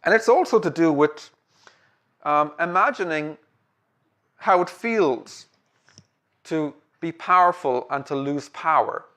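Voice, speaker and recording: A man delivers a lecture in a conversational, loose manner. He fills pauses with ums and checks in with tag questions. His voice sits a little on the high side. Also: a bit bright.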